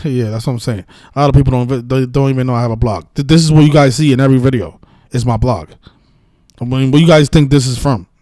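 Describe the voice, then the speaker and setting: A man's voice: medium pitch, mellow, no echo. A man hosting a casual live-stream about sports betting, talking in a heated, profane, rambling way with many restarts. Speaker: sports betting video host.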